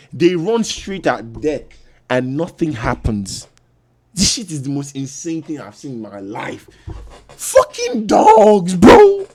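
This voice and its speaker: A man reacting to a football match as a fan, loud and trash-talking, with bursts of shouting. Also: mid-range voice.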